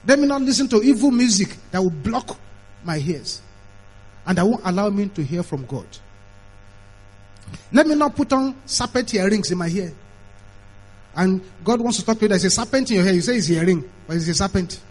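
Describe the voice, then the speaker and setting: A man's voice: high voice, expressive, normal speed, long pauses, husky, poor audio. A middle-aged man, preaching an emphatic sermon that is full of repetition and mimicked voices.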